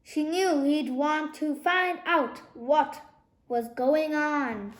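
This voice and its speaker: A woman reading a children's novel aloud, narrating in an expressive, lively way, recorded in an echoey room. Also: sits high, drawn-out words. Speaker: storybook narrator.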